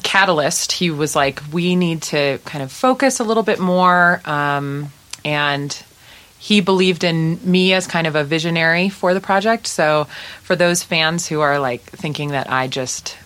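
A woman with a notably low voice speaks as a guest on a podcast. She tells her story in a chatty, casual way, with quick asides and fillers. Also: a bit bright. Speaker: musician guest. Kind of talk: casual interview chat.

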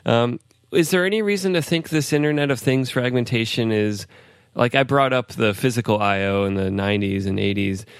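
Male podcast host, gravelly low-ish voice, dry close mic, loose rambling chat. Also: brisk, few pauses, no room sound. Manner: rambling, conversational, laughs often. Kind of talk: casual tech podcast chat.

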